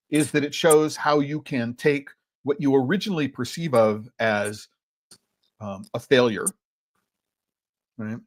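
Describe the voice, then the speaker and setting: A man hosting a podcast tasting, talking loosely and often ending thoughts with "right?" as he chews. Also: medium pitch. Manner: rambling, frequent "right?" tag questions; talks while chewing chocolate. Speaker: podcast host and chocolate educator. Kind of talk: conversational tasting commentary.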